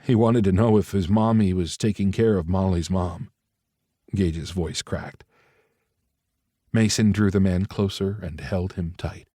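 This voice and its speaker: Low-voiced male audiobook narrator. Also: no echo. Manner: measured, even storytelling. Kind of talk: scripted narration. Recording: dry close studio mic.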